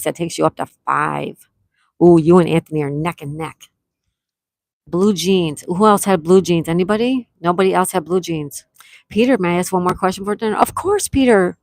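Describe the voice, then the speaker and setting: A woman hosting a casual live-stream trivia game, greeting viewers by name, reading their chat replies aloud and repeating questions slowly. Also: lowish voice, creaky, a little mellow, no echo. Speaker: livestream trivia host.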